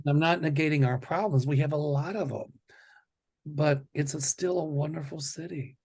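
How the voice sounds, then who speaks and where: A male psychic host chatting in a relaxed way, with a gravelly edge to his voice. He slows down to stress key words one at a time and sounds sure of his forecasts. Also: fairly high pitch. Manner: deliberate, emphatic listing of words. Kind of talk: casual chat.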